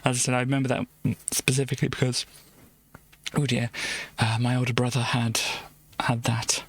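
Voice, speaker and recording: A woman's voice: very deep voice, level tone, normal speed. Woman, streamer, casual chat, giggly, trailing asides. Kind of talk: casual live-stream chat reading an old games magazine.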